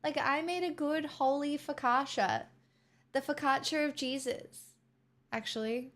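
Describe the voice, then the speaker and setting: A woman with an Australian accent talks casually to her viewers in a high voice. She rambles, swears freely and turns small gripes into mock-dramatic outbursts. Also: steady tone, measured pace, fairly bright tone. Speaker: vlogger. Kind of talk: casual chat to camera.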